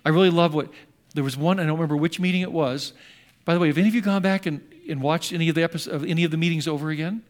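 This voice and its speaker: An older man who is a pastor, preaching a sermon in an earnest storytelling manner that shifts between hushed and emphatic. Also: on the high side, racing.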